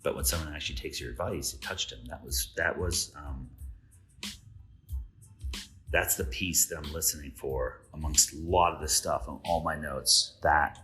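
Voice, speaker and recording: A man's voice: a bass voice, normal speed, pushed and bright, soft background music. A man hosting a podcast, telling stories casually with quoted dialogue and questions to the listener. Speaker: podcast host. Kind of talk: casual storytelling monologue.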